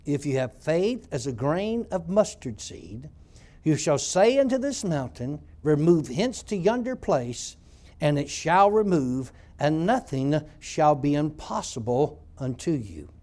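A male pastor preaching a sermon, telling stories and building up to loud shouts. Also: a little high.

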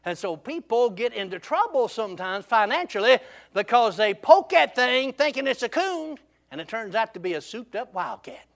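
A man preaching, telling a folksy story in a lively, drawling way. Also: very high voice, moderate pace.

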